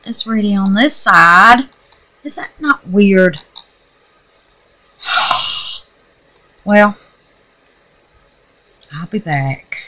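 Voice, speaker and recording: Folksy, excitable woman crafter. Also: mid-range voice, extremely slow, long pauses, poor audio. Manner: folksy and excitable, calls viewers babies and darlings. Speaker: resin craft vlogger. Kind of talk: casual chat to viewers while crafting.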